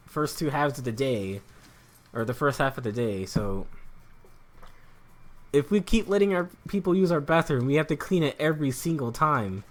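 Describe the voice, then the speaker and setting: A young man chatting casually while streaming a game, rambling and joking, swearing freely and laughing often. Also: a little high. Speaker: gaming streamer. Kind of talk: casual chat while gaming.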